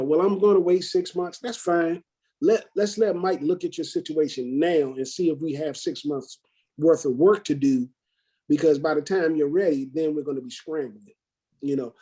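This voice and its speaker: A man's voice: a little high, warm tone, husky, poor audio. A man hosting a talk for real estate agents, coaching them in an emphatic, salesy way and acting out his own conversations. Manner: emphatic, sales-pep, acts out his own quoted lines. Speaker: brokerage host training agents.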